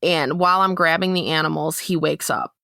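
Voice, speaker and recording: A young woman giving an earnest, measured personal account on a podcast, growing urgent at times. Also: low-pitched, vocal fry, sharp tone, no echo, clean studio sound. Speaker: interviewee recounting her experience.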